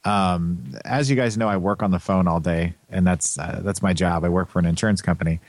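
An American man co-hosting a podcast, telling anecdotes in a chatty, animated casual way. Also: low voice, fairly quick, no room sound. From United States. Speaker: podcast co-host. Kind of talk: casual chat.

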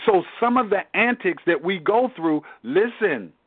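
A man's voice: high-pitched, animated, measured pace, slightly rough, no room sound. A man teaching a Bible study over the telephone, preaching earnestly and often repeating words as he restarts a thought. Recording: tinny dry phone line.

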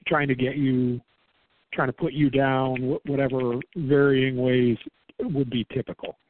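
A man's voice: medium pitch, flat delivery, unhurried. Hesitant man in his forties on a call. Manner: repeats phrases after the coach, hesitant. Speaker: coaching client. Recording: tinny dry call line.

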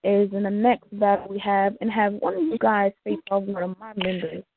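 A woman's voice: medium pitch, normal speed, gravelly, a crowd in the background. A woman hosting a casual live call-in radio show, upbeat and laughing often, using loose slang. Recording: tinny phone-like call audio.

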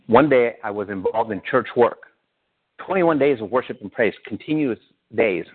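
A man's voice: medium pitch, expressive, moderate pace, breathy edge. A male pastor, preaching to his congregation in a conversational way and throwing questions at them. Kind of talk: sermon. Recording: tinny phone-like sound.

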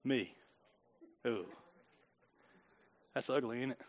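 A pastor preaching a sermon, dropping to quiet asides and rising to loud emphatic lines, laughing often. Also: male voice, medium pitch, normal speed, long pauses.

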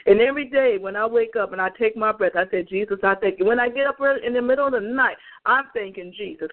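Over a tinny phone line, a woman evangelist with a fairly high voice delivers an emphatic, fervent testimony on a prayer call, addressing her listeners directly.

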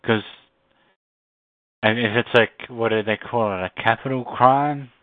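A man on a community call, asking questions in a hesitant, halting way, often repeating words as he searches for them. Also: mid-range voice, no echo. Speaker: caller. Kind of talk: casual chat. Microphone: phone or call line. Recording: tinny phone line, dry.

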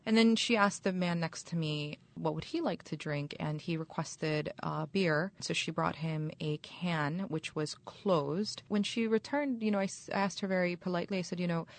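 A woman, a university chaplain, recounting a personal experience in a measured, polite way. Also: fairly low pitch, no echo.

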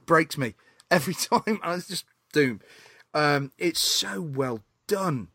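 Guy on a podcast, laughs a lot, animated, dry close sound. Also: fairly high pitch, takes it slowly, creaky, no room sound. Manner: animated, laughs often, acts out film scenes. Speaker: podcast co-host. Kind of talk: casual film chat.

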